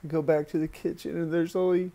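A man recounting a painful personal memory in a slow, halting, hushed way, as raw spoken testimony. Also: fairly high pitch, little pitch movement, vocal fry. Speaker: survivor sharing a personal story.

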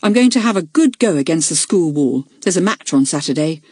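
A woman's voice: low-pitched, expressive, a little fast, a little mellow, slightly rough, dry recording, studio quality. A woman reading the part of a proud, sulky schoolboy, curt and offhand.

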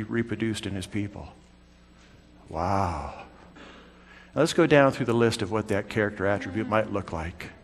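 A man preaching a sermon in a church, swinging from loud calls down to hushed whispers. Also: on the low side. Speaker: pastor. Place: church sanctuary. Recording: long church hall reverb.

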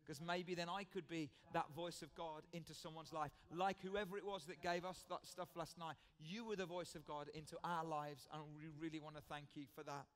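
British guy preaching in church, fairly high voice, chatty but earnest, keeps repeating his main line. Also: little pitch movement, normal speed, few pauses. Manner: earnest, conversational, repeats key phrases. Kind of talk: sermon.

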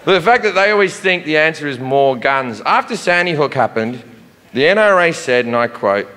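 A middle-aged man performing profane stand-up comedy, swinging from shouting to muttered asides. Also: fairly high pitch, lively intonation, normal speed. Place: large theater with a live audience. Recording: live concert recording in a reverberant hall, audience laughter. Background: crowd laughter and room noise.

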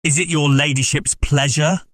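A man's voice: fairly high pitch, fairly even intonation, moderate pace, a bit bright, slight background noise, pitched above the performer's own voice, lightly acted. A man reading an audiobook, voicing a fussy, deferential attorney. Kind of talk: audiobook character voice.

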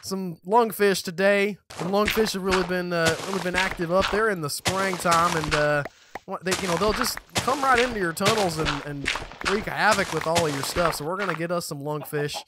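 A man's voice: high-pitched, brisk, very noisy, voice pushed down, lightly acted. A man voicing a folksy Southern guy streaming a video game, with a Southern US accent, drawling and rambling in a chummy way.

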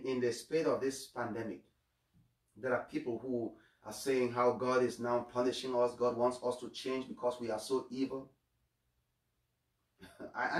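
A man with a mid-range voice delivers a homily as a priest, recorded from a distance in an echoey room with his voice away from the mic. He's earnest, often repeats his opening words, and stumbles when starting.

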